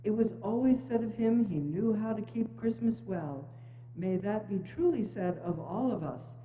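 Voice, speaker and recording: A woman narrating a dramatic reading in a church, with a steady, formal storytelling delivery. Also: mid-range voice, normal speed, slight background noise. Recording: echoey church hall, dull sound.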